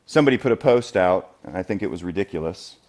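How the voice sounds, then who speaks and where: A man preaching a sermon as the church's elder, conversational and animated, jumping much higher and louder when he acts out quoted speakers, then dropping to a quiet, earnest tone to urge his listeners. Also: quick pace. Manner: animated, acts out quoted voices with big jumps in pitch and loudness. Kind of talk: expository sermon. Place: church sanctuary.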